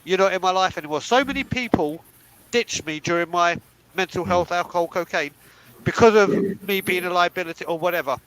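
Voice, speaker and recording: A man's voice: high voice, a little fast, fairly bright tone, clear, resonant tone, rough recording. A man co-hosting a podcast, talking bluntly and emphatically and swearing freely. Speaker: podcast co-host. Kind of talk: candid panel talk.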